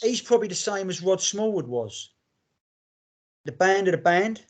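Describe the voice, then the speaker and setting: A man on a podcast talking bluntly with his mate, his voice a touch higher than most men's. He swears freely and calls his friend mate. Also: animated, normal speed. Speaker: podcast co-host. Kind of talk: casual chat.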